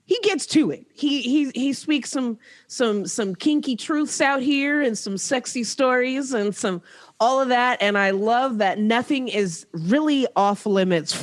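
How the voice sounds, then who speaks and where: Brief: giggly, enthusiastic podcast host in their thirties, laughing often. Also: mid-range voice. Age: 30s. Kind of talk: casual chat.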